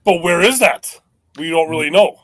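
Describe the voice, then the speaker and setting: A man's voice: on the high side, expressive, moderate pace, dry recording, poor audio. A man co-hosting a casual podcast, bantering and teasing his co-host.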